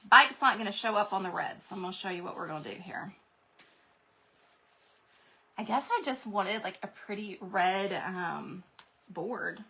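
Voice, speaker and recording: A woman hosting a live craft stream, chatting casually to her viewers and thinking out loud as she paints. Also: mid-range voice, creaky. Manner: rambling, talks to viewers directly. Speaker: craft livestream host.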